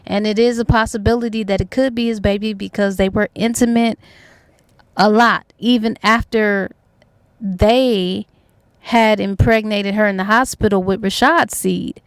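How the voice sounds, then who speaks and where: A woman's voice: medium pitch, steady tone, a little slow, clean tone, no echo. A young adult woman retelling a novel's plot in a casual, colloquial way as a book reviewer. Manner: chatty, colloquial, acts out characters' lines.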